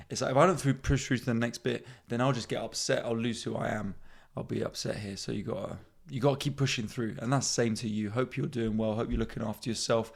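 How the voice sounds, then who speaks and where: A man's voice: mid-range voice, a little fast, creaky. A man in his thirties hosting a comedy podcast, rambling in a self-mocking way and swearing freely. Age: 30s. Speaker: podcast host. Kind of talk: casual comedic monologue.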